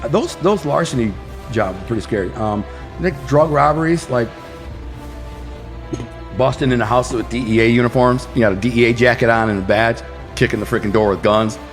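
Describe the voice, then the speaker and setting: An American man from the Detroit area, a podcast guest telling crime stories in a casual, animated way and acting out gunshots and quotes. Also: medium pitch, a little fast, in a large hall, soft background music. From Detroit area, USA.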